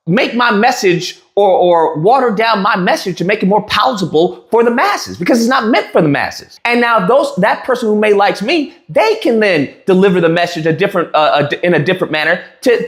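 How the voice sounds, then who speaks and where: A man tells the story in a heated, mocking rant, laughing at his own jabs and tripping over restarts. His voice sits high and swings widely in pitch. The room around him rings with echo. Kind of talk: animated ranting recap to camera. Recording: roomy echo.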